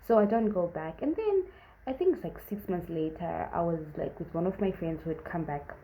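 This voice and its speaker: A young woman from Zimbabwe tells a casual storytime tale to her viewers. Her voice sits low and mellow, and it leaps up sharply whenever she acts out someone else's lines. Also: brisk, a little hiss or hum, rough recording. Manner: animated, acts out quotes with big pitch jumps. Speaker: vlogger.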